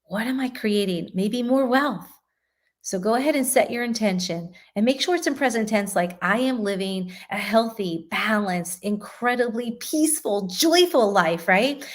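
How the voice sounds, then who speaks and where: Calm woman guiding a breathing meditation. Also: mid-range voice. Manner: soothing, instructive, often adds "right?". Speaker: meditation teacher.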